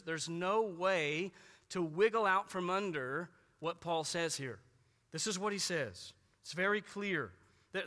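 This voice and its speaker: A man preaching a sermon in an emphatic way, repeating key phrases and slowing down to stress words. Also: on the high side, pushed and bright, big-room sound. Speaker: pastor.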